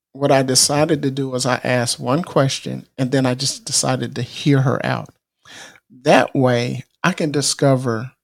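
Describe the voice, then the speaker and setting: A man's voice: medium pitch, vocal fry. A middle-aged man hosting a podcast, giving earnest motivational advice in a casual, preachy way, often repeating himself and restarting phrases. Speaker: podcast host.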